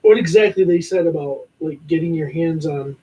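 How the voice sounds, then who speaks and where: A podcast co-host in casual, excitable conversation. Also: mid-range voice, moderate pace, slight background noise, rough recording. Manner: excitable, emotional, chatty. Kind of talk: casual chat.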